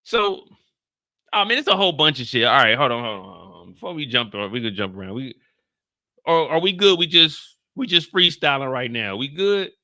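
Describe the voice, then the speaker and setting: A man with a US Midwestern accent hosts a live recap stream in a bright, forceful voice. He swings between low asides and loud, outraged bursts, full of profanity. The sound is dry and close. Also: sing-song, normal speed, no echo. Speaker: live after-show host.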